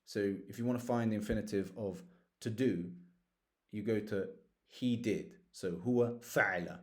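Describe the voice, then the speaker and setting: A man's voice: lowish voice, fairly even intonation, moderate pace. A man teaching an Arabic grammar lesson, patiently explaining roots and walking through verb conjugations one form at a time. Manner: patient, explanatory, spells out root letters and conjugations.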